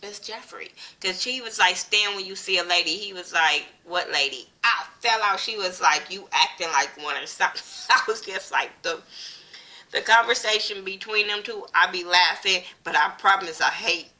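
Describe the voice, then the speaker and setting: A woman's voice: mid-range voice, normal speed. A woman, giving a casual, profane recap of a TV episode and acting out the characters' lines as she goes. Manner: blunt, profane, animated retelling with quoted voices. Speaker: TV show reviewer.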